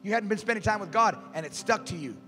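A male pastor preaching a sermon, animated and calling out to his congregation. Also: sits high, fast talker. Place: church sanctuary. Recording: reverberant church hall, faint music.

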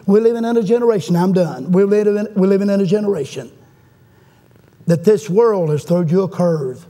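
High-voiced fervent preacher. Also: male voice, normal speed, dark tone. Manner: fervent preaching, storytelling, calls to the congregation. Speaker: guest preacher. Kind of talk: revival sermon. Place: church sanctuary.

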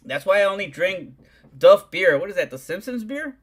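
A man's voice: sits high, sing-song, normal speed, breathy edge. A man, chatting casually on a livestream, rambling and swearing in heavy slang. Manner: profane, slangy, rambling, keeps saying "dog".

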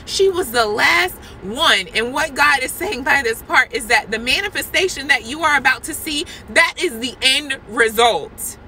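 A woman's voice: high voice, expressive, normal speed, few pauses, bright, forceful tone, a little hiss or hum, poor audio. A woman sharing an impassioned prophetic testimony from a church parking lot, earnest and repetitive, speaking straight to her viewers. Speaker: Christian vlogger sharing a prophetic word.

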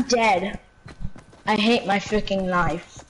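A woman's voice: mid-range voice, moderate pace, slight background noise, poor audio. A woman streaming a video game live, exasperated, repeating exclamations and shrieking when her character dies. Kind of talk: live gameplay chatter.

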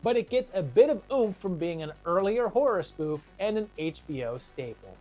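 Lively, wry horror film reviewer. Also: medium pitch, normal speed, faint music behind. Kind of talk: scripted video review narration.

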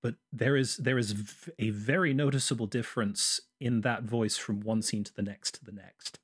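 Husky man recounting movie scenes. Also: mid-range voice, normal speed. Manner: detailed, methodical scene recounting. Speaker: podcast co-host. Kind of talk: casual movie review chat.

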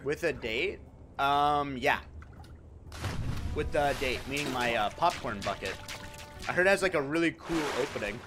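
A young man live-streaming in casual chat, animated and profane as he jokes back at his viewers. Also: mid-range voice, moderate pace, pauses often, music in the background. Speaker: livestreamer.

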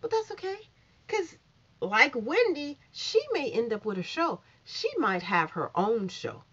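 A woman giving a casual, sassy opinion monologue as a commentary vlogger, swinging from loud outbursts to hushed asides. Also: on the high side, sing-song, measured pace, husky. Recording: muffled lo-fi recording.

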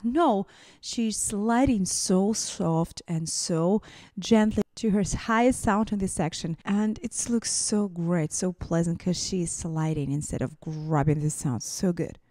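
A woman's voice: mid-range voice, unhurried, a little mellow, no echo, studio quality. A woman who is a vocal coach and singer, giving gushing, effusive song reaction commentary.

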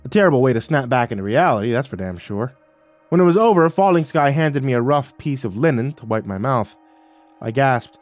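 A man reads a horror story in a mid-pitched voice, with dramatic, wry first-person delivery. Soft background music sits low under the narration. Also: animated, fairly quick.

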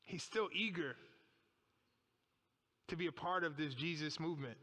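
High, bright-voiced man preaching. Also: moderate pace. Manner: emphatic, dramatic retelling with rhetorical questions. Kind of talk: sermon. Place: church. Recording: echoey church hall.

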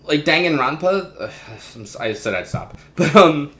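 Animated man chatting in an echoey room. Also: fairly high pitch, moderate pace. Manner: animated, swearing, jumps into loud mocking impressions. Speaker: podcast co-host. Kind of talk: casual chat.

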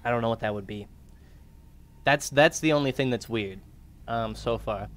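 Speaking at medium pitch and a moderate pace, this young YouTuber gives let's play commentary on a horror game, cursing, laughing and reading the in-game notes out loud in a relaxed way.

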